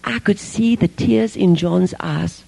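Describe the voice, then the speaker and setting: A middle-aged woman preaches to parents in a warm, mellow voice with a gravelly edge. She speaks earnestly and with emphasis, sometimes sinking to a hushed, breathy tone, and her voice has a husky grain throughout. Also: lowish voice, slow, rough recording. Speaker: Christian speaker teaching parents. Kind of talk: personal-story sermon.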